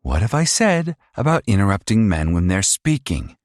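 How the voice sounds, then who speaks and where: A man's voice: fairly low pitch, very animated, moderate pace, a little mellow, no room sound, clean studio sound, voice pushed up. A man voicing a sneering cruel young man. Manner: taunting, mocking.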